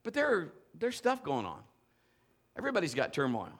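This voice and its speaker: A man pastor preaching a lively live sermon, urging his congregation to join in. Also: on the high side, fairly quick. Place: church sanctuary with a congregation.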